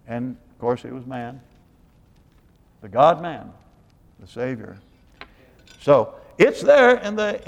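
A man's voice: on the high side, vocal fry, big-room sound. A man preaching a sermon in a rambling way, searching for words and quizzing his congregation. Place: church hall.

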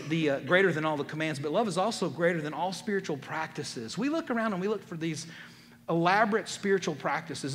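A man preaching a sermon as a pastor, swinging between loud emphatic lines and quiet, low ones. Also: long reverb tail.

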